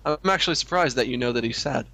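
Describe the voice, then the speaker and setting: A man's voice: mid-range voice, quick pace, vocal fry, pushed and bright, dry recording. Dry-voiced mock-prim man co-host. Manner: dry, mock-prim, hesitant with many uh fillers. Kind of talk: crude comedic banter.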